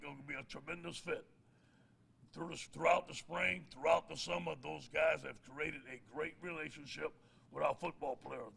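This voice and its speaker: A man's voice: on the high side, creaky, a bit bright, husky. A middle-aged man, a head football coach giving a press conference speech with folksy stories and jokes. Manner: folksy storyteller, laughs at his own jokes.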